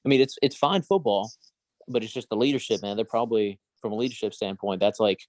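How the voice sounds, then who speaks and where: Low-voiced man rambling about sports. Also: fast, no room sound. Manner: rambling, hedging with trivia asides. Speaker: podcast co-host. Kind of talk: casual sports chat.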